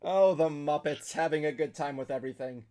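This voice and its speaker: A man hosting a casual nerdy talk show, excitable and swearing freely, with lots of filler words. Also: a little high, brisk. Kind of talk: casual podcast chat.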